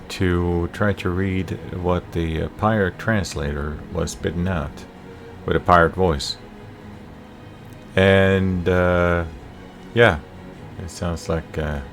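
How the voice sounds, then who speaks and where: Slow, deep-voiced man playing a game. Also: vocal fry, slight background noise. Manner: relaxed, rambling, lots of fillers. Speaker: game channel host. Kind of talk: casual game commentary.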